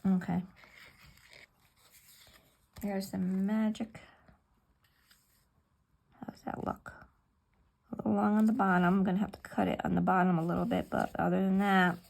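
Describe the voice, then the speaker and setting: Casting note: middle-aged woman, crafting at home, mutters to herself, husky with some vocal fry. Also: mid-range voice, flat delivery, normal speed, pauses often, a little mellow. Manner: muttering to herself, chatty asides. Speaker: paper crafter. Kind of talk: casual talk while crafting.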